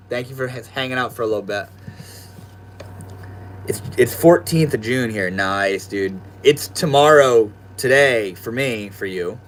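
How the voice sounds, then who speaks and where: A young man hosting a casual livestream from his room at home, chatting with viewers in a laid-back, slangy way. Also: medium pitch. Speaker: livestream host. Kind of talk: casual livestream chat reading viewer comments.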